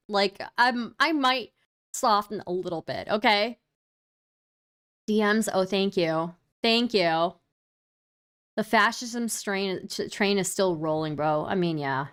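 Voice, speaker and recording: A woman's voice: medium pitch, slow, a bit bright, clear, resonant tone. A young woman streaming, reacting to clips in casual commentary, sarcastic and exasperated, swearing freely.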